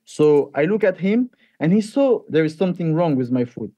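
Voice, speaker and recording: Fighter man, mellow voice, halting. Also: fairly high pitch, no room sound. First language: French. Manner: halting, repeats words, animated when retelling. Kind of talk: interview answers.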